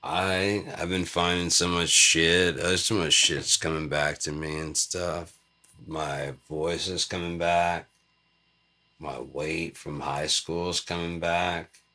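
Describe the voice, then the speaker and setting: A man's voice: low-pitched, little pitch movement, slow, sharp tone. A man vlogging in a rambling, profane, joking monologue.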